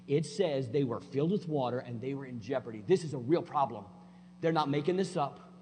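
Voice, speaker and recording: Preacher in a reverberant church hall. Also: male voice, mid-range voice, brisk. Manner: swings from loud emphatic preaching to quiet conversational asides; folksy, plainspoken. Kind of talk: sermon. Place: church sanctuary. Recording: long hall reverb with faint hum.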